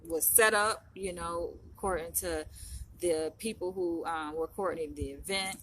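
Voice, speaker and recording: A woman's voice: lowish voice, moderate pace, fairly bright tone, slight background noise. A woman vlogger talking casually to her viewers, rambling with lots of fillers like "you know" and "like". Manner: chatty, rambling, full of fillers. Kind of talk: casual chat to camera. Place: in Los Angeles.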